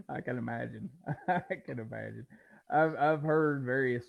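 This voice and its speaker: A man's voice: mid-range voice, lively intonation, slow pace, creaky, narrow, tinny audio. A man hosting a casual interview who mostly reacts briefly and laughs along. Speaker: interview host.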